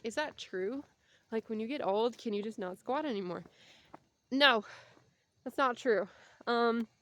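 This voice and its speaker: A vlogger in her thirties, voice on the high side, rambles chattily and goes off on tangents while walking down a street outdoors. She's slightly out of breath, and the recording is dry.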